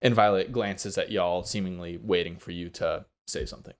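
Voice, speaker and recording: A man narrating a tabletop game as game master, relaxed and quick to laugh. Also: low-pitched.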